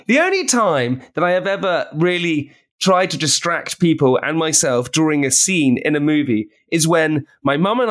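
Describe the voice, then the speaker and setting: A man in his thirties from England, a podcast guest chatting casually and telling excitable, animated stories with bursts of laughter. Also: a little high. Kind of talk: casual chat.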